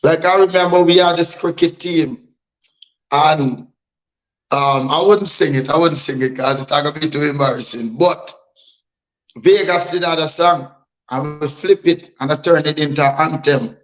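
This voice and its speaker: A man's voice: fairly high pitch, moderate pace, a bit bright, rough recording. A man from Guyana with a Guyanese Creole accent, a DJ guest speaking bluntly and emphatically in an interview. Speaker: DJ and artist guest. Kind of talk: candid interview talk.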